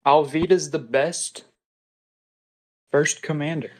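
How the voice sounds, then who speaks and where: A man's voice: fairly high pitch, takes it slowly, low-quality recording. A man co-hosting a casual podcast, rambling loosely as he argues his take between bites of food. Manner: relaxed, rambling, arguing his case while eating. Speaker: co-host. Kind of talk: casual chat.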